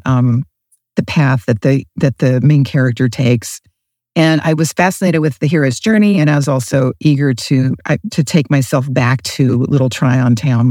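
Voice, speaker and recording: A woman author who chats loosely about her book, then reads her novel aloud in a steady storytelling voice. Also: very deep voice, dry recording, studio quality. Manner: relaxed, with fillers and restarts, then steady storytelling. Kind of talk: interview chat, then reading her own novel aloud.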